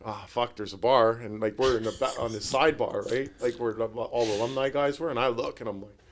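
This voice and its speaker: A man guesting on a podcast, telling rowdy, profane stories in a casual, animated way. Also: mid-range voice, a little fast. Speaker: podcast guest, former hockey enforcer. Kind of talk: casual storytelling chat.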